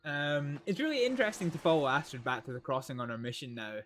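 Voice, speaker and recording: A man's voice: a little high, fast, a bit bright, slight background noise. Chatty, rambling male game streamer. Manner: chatty, rambling, restarts and trails off often. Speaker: streamer playing a role-play game. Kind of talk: casual livestream chat. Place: home streaming setup. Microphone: desk microphone.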